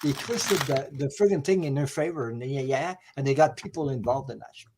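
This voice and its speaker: Talking a little fast at a medium pitch over a noisy background, this man runs a tarot livestream on a video call. It's a casual group-chat feel: he's blunt, curses mildly, trails off and says things more than once.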